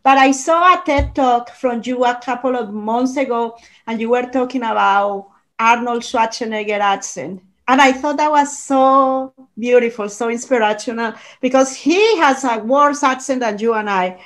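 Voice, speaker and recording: A woman's voice: a little high, moderate pace. A woman from Colombia with a thick Colombian Spanish accent, interviewing a guest with enthusiasm and frequent restarts. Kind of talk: interview conversation.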